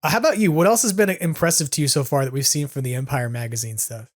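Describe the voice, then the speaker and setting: A man's voice: on the high side, quick pace, dry recording, studio quality. A man hosting a podcast, chatting casually and enthusiastically, rambling with lots of "like"s. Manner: enthusiastic, rambling, heavy use of "like". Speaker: podcast host. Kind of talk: casual fan chat.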